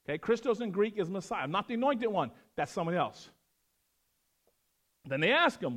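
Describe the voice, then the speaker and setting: A middle-aged man preaching a verse-by-verse sermon, swinging from loud emphatic lines to quiet, dropped asides. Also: high-pitched, very animated, normal speed, pauses often. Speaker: pastor.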